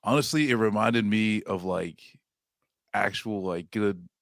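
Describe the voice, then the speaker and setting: A man co-hosting a podcast, talking casually and unhurriedly with plenty of fillers. His voice is low and sits dry and close to the mic. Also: a little slow, vocal fry, no echo. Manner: relaxed, filler-heavy, laid-back. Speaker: podcast co-host.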